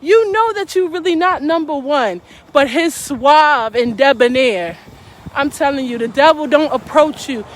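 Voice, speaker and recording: A woman's voice: high-pitched, lively intonation, measured pace. A woman giving a fervent, preaching-style live stream talk, calling out to her audience as a faith speaker.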